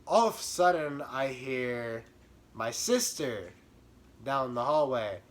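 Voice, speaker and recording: A young man telling a comic storytime about himself in an animated, self-mocking way. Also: mid-range voice, takes it slowly. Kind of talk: comedic storytime.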